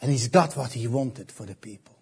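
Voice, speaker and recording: A man preaching a sermon, slow and emphatic, often repeating phrases and pausing. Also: medium pitch, creaky, husky.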